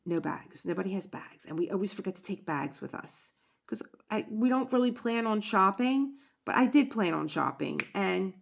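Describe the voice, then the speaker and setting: A woman's voice: mid-range voice, vocal fry. A middle-aged woman vlogging casually at home, telling stories in a chatty way and acting out quotes. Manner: chatty storyteller, animated quoting. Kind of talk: casual chat.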